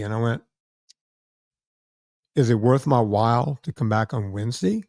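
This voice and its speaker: A middle-aged man hosting a podcast, telling a lively story and acting out the other people's lines. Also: mid-range voice, normal speed, pauses often, no echo, studio quality. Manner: animated storyteller acting out quoted voices. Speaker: podcast host. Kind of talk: casual storytelling chat.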